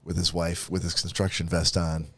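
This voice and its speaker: A man co-hosts a podcast in casual chat with a somewhat low voice. He tells stories in a relaxed way and drops wry remarks. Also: normal speed, no room sound. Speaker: podcast co-host.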